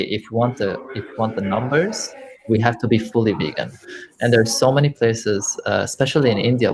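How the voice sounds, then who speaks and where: A man guesting on a casual online panel, explaining his view earnestly with many filler words. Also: fairly low pitch. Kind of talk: casual online group chat.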